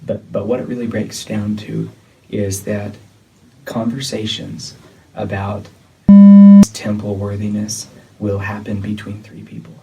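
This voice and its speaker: A man leading a church disciplinary meeting, talking in a measured, insistent way that often repeats itself. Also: fairly low pitch, monotone, gravelly. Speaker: church leader. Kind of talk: tense meeting conversation. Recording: distant mic with faint noise.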